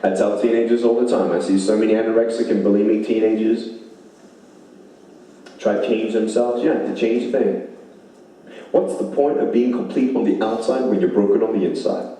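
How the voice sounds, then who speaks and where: A man's voice: on the low side, fairly even intonation, a little fast, warm tone, a little hiss or hum. A man giving an inspirational speech, emphatic, repeating lines for effect. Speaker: motivational speaker. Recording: very echoey hall, mic far off.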